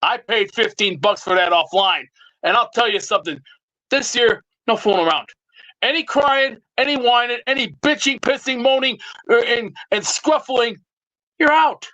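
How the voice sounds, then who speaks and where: A man's voice: extremely high pitch, normal speed, bright, forceful tone, lo-fi sound. A man calling in to a sports talk show with a blustering, drill-sergeant style rant. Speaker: regular caller. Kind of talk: ranting call-in bit.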